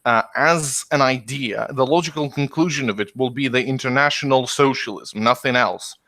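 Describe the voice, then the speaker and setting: Bright, argumentative young-sounding man. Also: mid-range voice, moderate pace, no echo. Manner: animated, argumentative, long run-on points. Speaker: podcast co-host. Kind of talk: casual political discussion.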